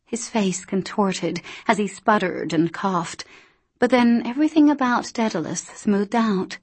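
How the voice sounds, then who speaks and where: A woman narrating an audiobook in a steady, deliberate reading style. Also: mid-range voice, slightly rough. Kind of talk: scripted narration.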